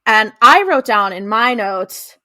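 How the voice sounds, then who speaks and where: A woman's voice: a little high, expressive, slow pace, sharp tone, no room sound, clean studio sound. A woman co-hosting a podcast, giving a chatty, giggly episode recap. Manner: chatty, giggly, lots of fillers and acted quotes. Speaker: podcast co-host.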